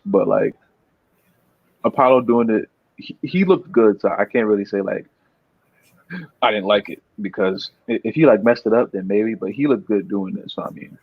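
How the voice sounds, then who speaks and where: A man's voice: lowish voice, normal speed, husky, no echo. A young man talking as a podcast guest in casual chat, rambling and repeating words, laughing often. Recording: dull, muffled dry sound.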